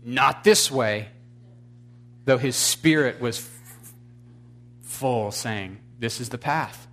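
With a medium-pitched, fairly bright voice, a pastor takes his sermon slowly yet emphatically. He quizzes the congregation, mixes in wry, blunt humor, and works up to fervent exclamations.

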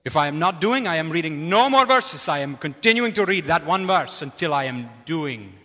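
A man voicing a tall preacher, speaking in slow, emphatic, repeated declarations. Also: on the high side, very animated, bright, forceful tone, big-room sound, heavily acted. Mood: earnest. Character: tall male Indian preacher, deep booming voice, earnest.

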